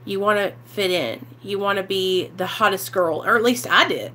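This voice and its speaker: Woman, bright tone, candid storytelling, animated, swears freely. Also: medium pitch, moderate pace. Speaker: vlogger sharing recovery story.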